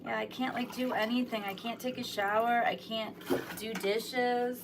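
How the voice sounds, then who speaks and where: A woman's voice: on the high side, steady tone, moderate pace, background noise. A woman hosting a casual livestream from home, chatty and greeting viewers by name, tired after just waking up. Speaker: livestream host. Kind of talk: casual live chat with viewers.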